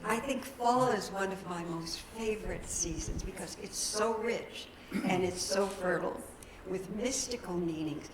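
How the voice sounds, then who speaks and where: In a church sanctuary, a woman minister gives a chatty, folksy sermon and laughs at her own slips. Her voice is mid-range and measured with few pauses, and the roomy hall recording carries crowd and background noise.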